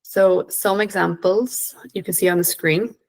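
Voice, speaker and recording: A woman in her thirties with an Irish accent, giving a gentle, guiding online presentation on emotional wellbeing with some "um"s. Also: fairly low pitch, steady tone, unhurried, low-quality recording. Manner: gentle, guiding, with filler "um"s and restarts. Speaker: behaviour analyst presenter.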